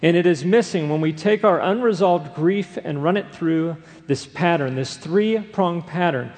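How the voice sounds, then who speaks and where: A man preaches in earnest, leaning on repeated phrases to drive each point home. His voice sits a little higher than most men's. A long reverb trails his words through what sounds like a large church sanctuary. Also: unhurried, few pauses, a little mellow. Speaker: pastor. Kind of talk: sermon.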